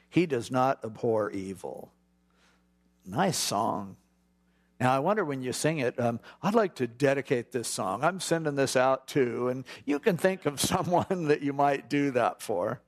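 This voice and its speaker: A middle-aged man teaching from a Bible passage in a relaxed, conversational way, acting out prayers in quick asides. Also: medium pitch. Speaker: pastor.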